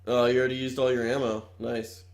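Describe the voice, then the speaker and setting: A man's voice: medium pitch, little pitch movement, a little fast. A man joining a casual movie commentary with short, dry quips. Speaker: commentary guest.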